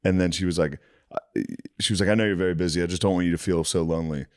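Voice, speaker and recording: A man co-hosting a podcast, telling animated stories and laughing often. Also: deep voice, racing, dry recording, studio quality. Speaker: podcast co-host. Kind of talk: casual chat.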